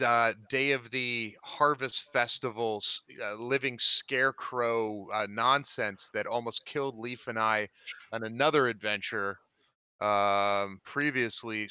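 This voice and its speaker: A man's voice: mid-range voice, bright, forceful tone, clean tone, no echo. A man playing a tabletop game over a video call, chatting casually and thinking aloud about his moves. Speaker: player. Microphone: video call mic.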